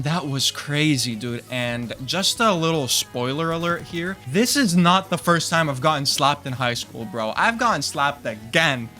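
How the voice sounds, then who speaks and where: Young guy, storytime vlogger, swears a lot, bright edge, soft music under. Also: medium pitch. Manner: crude, profane, animated storytelling, bro-talk. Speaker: vlogger telling a personal story. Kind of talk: storytime monologue.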